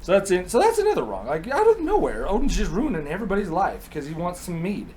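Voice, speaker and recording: A man casually retelling an old myth in a chatty, animated, profane style. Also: high voice, fast talker, rough recording. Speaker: comedic myth storyteller.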